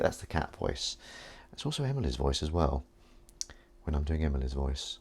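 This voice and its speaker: A man's voice: a bass voice, sing-song, moderate pace, a little mellow, breathy edge. A man hosting a live stream at home, talking in a rambling, playful, self-mocking way. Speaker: livestream host. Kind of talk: casual live-stream chat.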